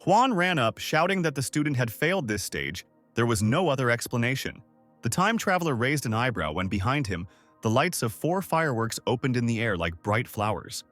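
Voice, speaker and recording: Guy narrating a story recap, voice swings up and down a lot, soft music under it. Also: mid-range voice, very animated, normal speed. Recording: faint background music.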